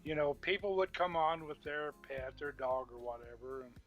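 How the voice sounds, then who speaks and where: A man's voice: fairly high pitch, flat delivery, normal speed, fairly bright tone, highs cut off, faint music behind. A man chatting casually on a livestream, retelling things with amusement.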